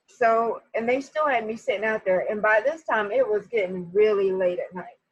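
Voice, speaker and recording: A woman telling a personal story to her viewers in a casual, animated way, often speaking to them directly. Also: medium pitch, moderate pace, breathy edge, dull audio. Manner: animated, talks straight to viewers.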